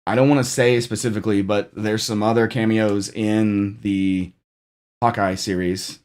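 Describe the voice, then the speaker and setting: Low-voiced man in rambling chat. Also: moderate pace. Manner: relaxed, rambling with many fillers and restarts. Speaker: channel host. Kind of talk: casual movie discussion.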